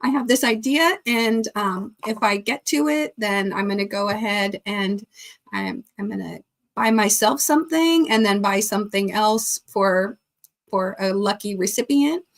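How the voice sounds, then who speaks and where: A woman's voice: mid-range voice, a little slow. A woman hosting a casual live stream, chatting and reading viewer comments aloud, laughing often.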